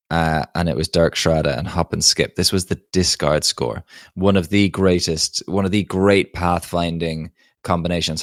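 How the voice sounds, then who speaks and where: A man with a very low voice talks with emphatic enthusiasm, co-hosting a casual podcast. The sound is dry and close, with no room at all. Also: dry recording. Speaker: podcast co-host.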